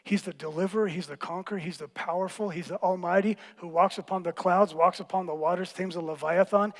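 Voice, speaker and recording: A man preaching a sermon as pastor, teaching in a playful, animated way with quick jokes. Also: sits high, big-room sound. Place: church hall.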